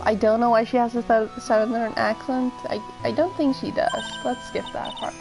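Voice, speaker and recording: A woman's voice: on the high side, steady tone, moderate pace, few pauses, music in the background, rough recording. A woman streaming a game, chatting and musing aloud in casual commentary. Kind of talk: casual let's-play commentary.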